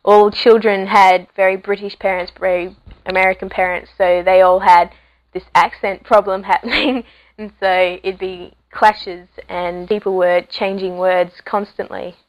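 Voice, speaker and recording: A woman's voice: mid-range voice, flat delivery, measured pace, poor audio. A seventeen-year-old girl with a Western Australian accent, talking loosely about herself with lots of fillers. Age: teens. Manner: chatty, loose, many fillers and likes. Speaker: student speaker. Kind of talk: casual spoken monologue.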